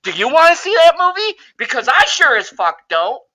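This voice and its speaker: A middle-aged man hosting a podcast, ranting loudly and swearing, exasperated. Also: extremely high pitch, wildly swooping pitch, moderate pace, low-quality recording. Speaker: podcast host. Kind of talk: profane movie rant.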